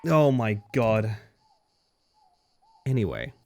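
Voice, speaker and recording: A man streaming a video game live, reacting in an animated, sweary way and laughing often. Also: fairly low pitch, takes it slowly, a little hiss or hum.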